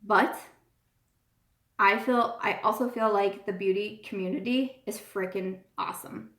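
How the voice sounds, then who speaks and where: A woman's voice: medium pitch, steady tone, a little slow, a bit bright. Gushing woman on a roomy live stream. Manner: gushing, earnest, repeats herself. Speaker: beauty YouTuber hosting a live chat. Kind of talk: casual live-stream chat. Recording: roomy echo.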